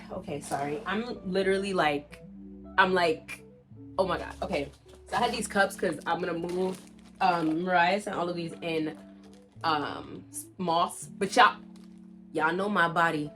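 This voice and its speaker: A young woman vlogging casually as she unboxes plant mail, gushing and excitable as she talks straight to her viewers. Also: on the low side.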